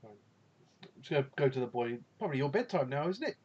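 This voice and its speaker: A man's voice: mid-range voice, very animated, fast talker, a little mellow, breathy edge, lo-fi sound. A man playing a tabletop game, joking drily in and out of character. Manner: dry, playful, joking. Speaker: player. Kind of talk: tabletop role-play, in and out of character.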